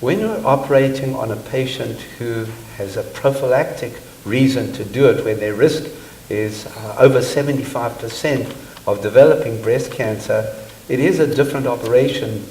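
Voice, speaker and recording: A man on a panel, a surgeon, answering in a measured and emphatic way. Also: medium pitch, a little mellow. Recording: roomy echo, faint background noise.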